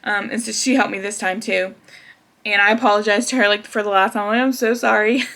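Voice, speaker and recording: A woman's voice: medium pitch, vocal fry, fairly bright tone. Chatty young woman telling a story. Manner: chatty, laughs often, many fillers. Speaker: vlogger. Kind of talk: casual storytelling.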